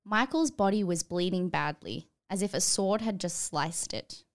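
A woman's voice: on the low side, normal speed. A young woman reading a story aloud as a podcast guest, giggling and chatting between passages. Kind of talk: comedic dramatic reading and chat.

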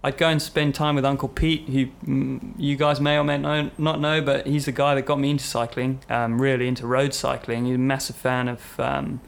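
A man's voice: medium pitch, level tone, moderate pace, vocal fry, hardly any pauses. A young man, a podcast guest telling rambling, self-mocking stories with lots of fillers. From South Africa. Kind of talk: casual conversational storytelling.

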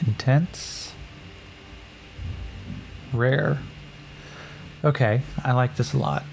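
Give me a slow, gravelly man narrating a solo tabletop game. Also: mid-range voice, a little hiss or hum, poor audio. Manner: relaxed and unhurried, with many fillers.

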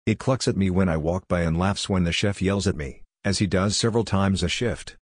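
A man narrating a story in an even, measured reading. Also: sits low, husky, dry recording, studio quality. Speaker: audiobook reader.

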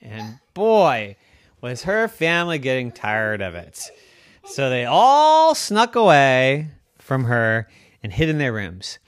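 A parent telling an improvised bedtime story in a playful, lively way that sometimes drops to a hush. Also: medium pitch, dry recording, clean studio sound.

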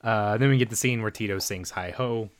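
Low-voiced man recapping a movie. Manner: rambling, filler-heavy retelling with quick voiced quotes. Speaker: podcast co-host. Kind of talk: casual movie recap chat.

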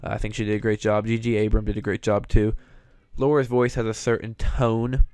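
Chatty young man with a lowish voice. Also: level tone, brisk, a little mellow, clean tone, no echo. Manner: opinionated, chatty fan. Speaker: show host reviewing voice actors. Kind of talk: casual commentary.

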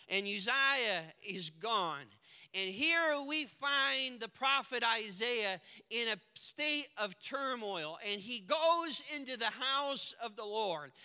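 A man preaching a sermon with dramatic swings from hushed to shouting, recorded in a church sanctuary. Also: extremely high pitch, clean tone. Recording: long hall reverb.

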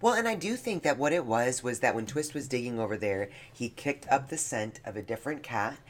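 A man talks earnestly on a casual podcast, and his feeling comes through as he speaks. His voice sits at an ordinary middle pitch for a man. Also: animated, a little fast. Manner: earnest, heartfelt. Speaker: podcast co-host. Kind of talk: casual chat.

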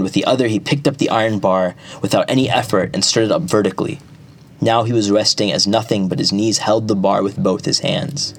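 A man narrating an epic folk tale at a measured pace, with small restarts. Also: lowish voice. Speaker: storyteller.

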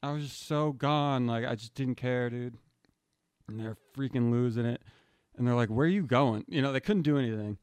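A man's voice: mid-range voice, fairly even intonation, normal speed, a little mellow, clean tone, no echo. Rambling man telling a story, dry sound. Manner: rambling, slangy, says "dude" often, frequent restarts. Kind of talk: casual storytelling.

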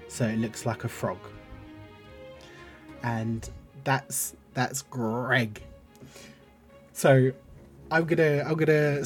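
A man describing his character in a tabletop game in a hesitant, rambling way. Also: mid-range voice. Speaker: player. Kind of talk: casual tabletop game play.

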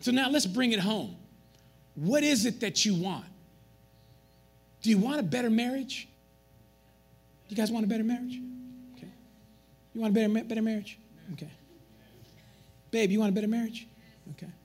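A man preaching a sermon as pastor, animated and joking with the congregation in a church. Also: sits high, moderate pace, long pauses, husky.

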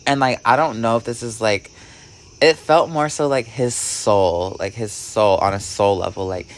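A man vlogging, telling a rambling story with "like" in almost every phrase and swinging between hushed and excited delivery. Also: lowish voice, normal speed. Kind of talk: casual storytelling vlog.

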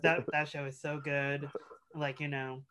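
A man's voice: on the high side, little pitch movement, unhurried, sharp tone, a little hiss or hum. Rambling man on a casual podcast. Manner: rambling with many fillers and restarts. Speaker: podcast co-host. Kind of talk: casual chat.

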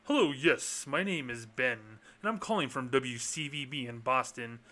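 A man putting on the voice of a polished male TV news reporter with a smooth, formal delivery. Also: mid-range voice, moderate pace, bright, forceful tone, natural voice. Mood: earnest.

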